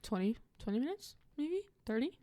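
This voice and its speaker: Young woman, podcast guest, relaxed, easy laughter, casual talk. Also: fairly high pitch, moderate pace. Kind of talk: casual chat.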